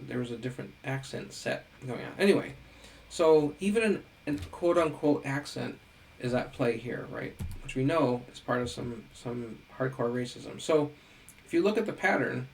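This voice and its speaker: Gravelly-voiced man giving a casual lecture. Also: medium pitch, normal speed, rough recording. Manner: conversational, asks rhetorical questions, frequent "right?". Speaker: education lecturer. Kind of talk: recorded lecture to camera.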